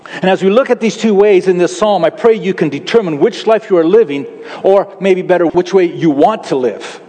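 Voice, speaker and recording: A man delivers a sermon in a noticeably high voice, leaning hard on key words to drive home his points. His voice rings out with a long reverb, as in a large church hall. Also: moderate pace, dark tone. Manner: emphatic preaching, stressing key words. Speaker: pastor.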